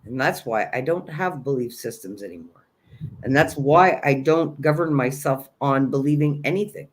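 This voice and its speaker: A man's voice: medium pitch, moderate pace. A man hosting a spiritual livestream, giving an earnest, encouraging self-help talk that keeps circling back to the same key phrases.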